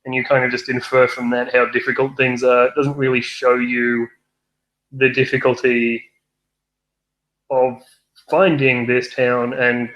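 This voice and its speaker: A man's voice: medium pitch, fairly bright tone. Wry rambling man, echoey room. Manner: rambling, wry, many fillers and restarts. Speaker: film review podcast co-host. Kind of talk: casual chat. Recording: roomy echo.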